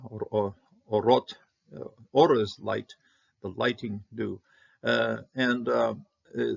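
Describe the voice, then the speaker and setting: A Canadian-raised man teaches Hebrew Bible words in a casual lesson, halting often with fillers and slowly sounding out the Hebrew. His voice is on the low side, with vocal fry and a breathy edge, and the audio is dull.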